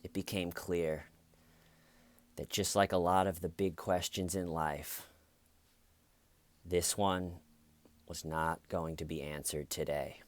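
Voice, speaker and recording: Slow, deep-voiced wry man. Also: level tone, no echo. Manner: slow, wry, acts out quotes in mocking voices. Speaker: commentary vlogger. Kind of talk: casual commentary monologue.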